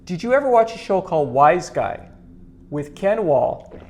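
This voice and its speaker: A man's voice: high-pitched, measured pace, a little hiss or hum. Earnest middle-aged man recalling shows. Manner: earnest, explains at length, steady. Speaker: podcast co-host. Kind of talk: casual chat.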